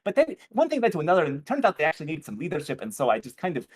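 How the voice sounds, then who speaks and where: A man voicing a harried young male mayor in a tabletop game, talking in a rushed, flustered way. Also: fairly high pitch, wildly swooping pitch, breathy edge, pitched above the performer's own voice, exaggerated voice.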